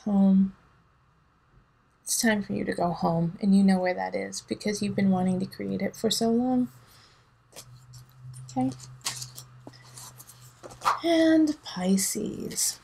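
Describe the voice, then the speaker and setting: A woman's voice: medium pitch, steady tone, normal speed, creaky, dark tone, breathy edge, poor audio. A woman giving a casual tarot reading, emphatic and teasing, laughing often, with a son at home. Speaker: tarot reader.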